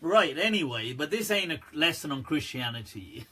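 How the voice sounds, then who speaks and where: Chatty, laughing man with a bright, husky voice. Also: a little high, big pitch swings, moderate pace. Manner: chatty and joking, laughs often, says "right" and "people". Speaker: Islamic scholar answering questions. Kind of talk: casual livestream Q&A talk.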